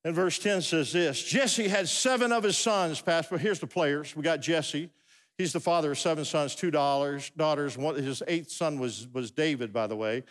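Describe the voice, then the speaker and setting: Speaking at a normal speed with a fairly bright, high-leaning voice, a middle-aged man preaches a comic sermon as pastor. His story wanders into asides and stumbling restarts, recorded with the long reverb of a large church hall.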